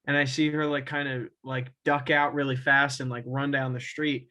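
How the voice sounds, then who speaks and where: A man's voice: mid-range voice, flat delivery, moderate pace, pushed and bright, rough recording. A young man co-hosting a casual podcast, telling a rambling story full of swearing, with laughs breaking in. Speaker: podcast co-host. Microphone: own camera and mic at home.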